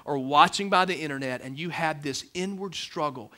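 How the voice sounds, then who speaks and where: Man, church pastor mid-sermon, high and bright voice, emphatic, swings loud to hushed. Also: moderate pace. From Alabama, USA. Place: church sanctuary with a congregation.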